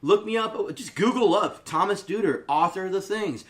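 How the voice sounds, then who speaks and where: Loud animated guy on a gaming podcast, slightly high voice, goes off on tangents. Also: moderate pace. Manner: animated, boisterous storyteller who laughs and yells. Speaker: podcast co-host. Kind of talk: casual podcast chat.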